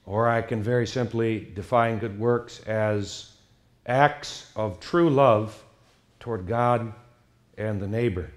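A man pastor preaching an evening sermon, emphatic and swinging between hushed passages and loud outbursts. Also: fairly low pitch, slow pace.

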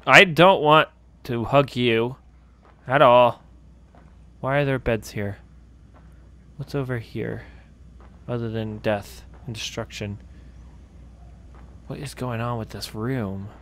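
A man's voice: mid-range voice, takes it slowly, long pauses, pushed and bright, a little hiss or hum. A man playing a horror game and commenting as he goes, talking to himself, cursing often and easily startled. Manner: jumpy, swears a lot, talks to himself. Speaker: gaming channel host.

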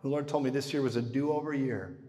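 A male preacher delivering a live sermon with a mid-range voice, telling the story with animation. He drops to hushed tones, then booms. His voice rings with long reverb through a large hall. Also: a little fast.

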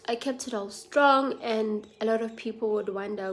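A woman's voice: fairly high pitch, normal speed, a little hiss or hum. A woman with a South African accent, talking to her viewers in an earnest, confiding personal vlog. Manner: earnest, confiding, mixes languages. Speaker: vlogger.

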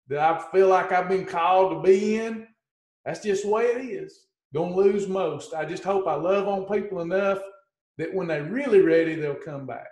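A man coaching on weight loss in a folksy, animated livestream talk, acting out people's complaints. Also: sits high, very echoey, far from the mic, rough recording.

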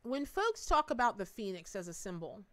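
A middle-aged woman running a live tarot stream. She talks in a bubbly, rambling way, laughs often and drops folksy asides to her viewers. Her voice sits at an ordinary pitch for a woman. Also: big pitch swings, normal speed, fairly bright tone. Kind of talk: chatty live-stream reading.

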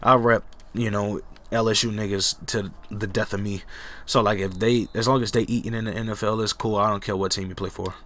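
A man's voice: fairly low pitch, steady tone, brisk, fairly bright tone. A young man from Jacksonville, Florida, sick and cracking, giving loose, profane, rambling commentary over his football game. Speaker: gaming YouTuber. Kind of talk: casual gameplay commentary.

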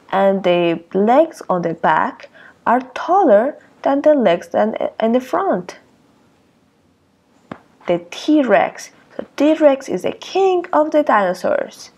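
Brief: expressive woman teacher reading aloud to toddlers, unhurried, a bit of fry in the voice. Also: mid-range voice. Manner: expressive, exclaiming, asks children questions. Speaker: early years teacher. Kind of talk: circle-time lesson and picture-book read-aloud for young children.

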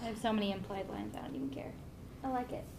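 A woman's voice: medium pitch, fairly even intonation, fast talker, vocal fry, a little mellow, a little hiss or hum. A young woman chatting casually while painting, telling stories and laughing easily.

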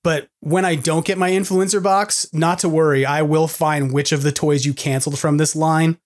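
A man hosts a casual podcast in a rambling, self-deprecating way, laughing between thoughts. His voice sits a little high. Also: steady tone, moderate pace. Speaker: podcast host.

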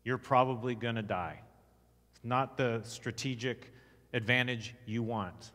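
With a medium-pitched, slightly bright voice and a measured pace, a man with a Texan accent teaches in sermon style at a conference in a church hall. He is emphatic, questions the audience, and reads from scripture, all with the hall's long echo around him.

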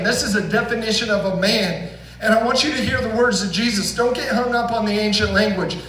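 A man's voice: sits high, a bit bright. A man preaching a sermon as pastor, earnest and emphatic, asking the congregation pointed questions. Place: church sanctuary. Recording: roomy, distant church recording with faint hum.

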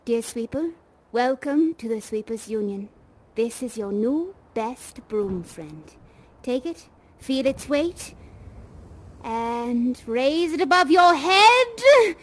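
A woman's voice: high-pitched, lively intonation, slow pace, full character voice, low-quality recording. A woman playing a doting, eccentric female leader of a sweepers' union in a virtual reality game, leading a theatrical, solemn oath with pet names for everyone. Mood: exuberant. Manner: solemn, ceremonial oath-giving.

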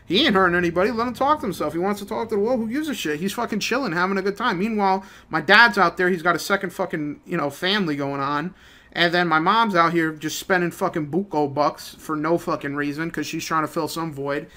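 High, bright-voiced young man ranting. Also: fast talker. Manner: profane, rambling, swings between mutters and outbursts. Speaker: gaming channel host. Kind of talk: casual rant over gameplay.

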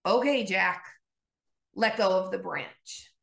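A woman voicing God as a calm, patient, gently amused presence in a storytelling sermon. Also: medium pitch, vocal fry, roomy sound, pitched below the performer's own voice. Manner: calm, reassuring, unhurried.

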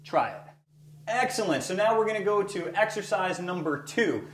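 Energetic man coaching floor exercises. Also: high-pitched, normal speed. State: breathing heavily. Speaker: fitness trainer. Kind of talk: exercise demonstration. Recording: echoey room with faint hum.

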